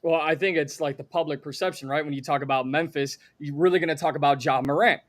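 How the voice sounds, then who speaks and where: A man on a sports talk show giving his take in a relaxed way, reasoning aloud. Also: on the high side, quick pace.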